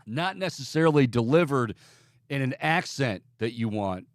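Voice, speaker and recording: A man's voice: mid-range voice, lively intonation, no room sound. Upbeat male sports radio host, dry sound. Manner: rapid plugs and upbeat sign-off, with restarts. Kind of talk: studio sports talk show.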